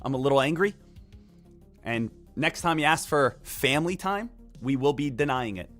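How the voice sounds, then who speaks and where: Bright-voiced emphatic man calling trades. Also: medium pitch, moderate pace, soft background music. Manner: energetic, emphatic and repetitive, joking. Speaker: day trading live streamer. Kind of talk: live market commentary.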